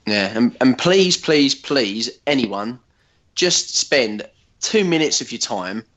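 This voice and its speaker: Chatty male podcaster, mid pitch with plenty of swing, self-deprecating banter. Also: animated, slow, fairly bright tone. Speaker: podcast co-host. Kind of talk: casual chat.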